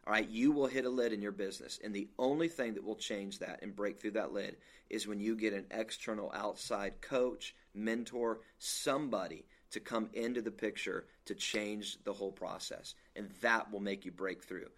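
Man, leadership coach, motivational, emphatic, lowish voice. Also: normal speed. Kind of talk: casual podcast chat.

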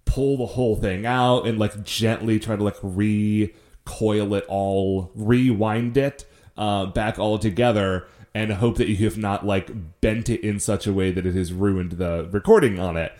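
A man co-hosting a casual chat, discussing an episode in a relaxed way with many fillers. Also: on the low side, unhurried. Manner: relaxed, explains things with lots of fillers. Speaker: podcast co-host. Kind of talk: casual chat recapping a show.

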